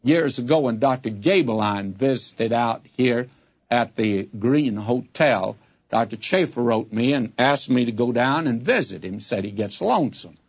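A man's voice: medium pitch, lively intonation, unhurried, breathy edge. An older man, a pastor, giving a folksy Bible-teaching sermon that speaks straight to his listeners. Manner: folksy, direct address to listeners. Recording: dull lo-fi old radio recording.

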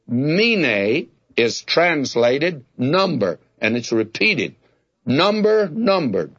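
A man's voice: fairly high pitch, sing-song, very slow, fairly bright tone, husky, lo-fi sound. A man teaching a Bible sermon in a folksy, plainspoken way, calling his listeners friends and telling homespun stories. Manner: folksy, tells homespun anecdotes.

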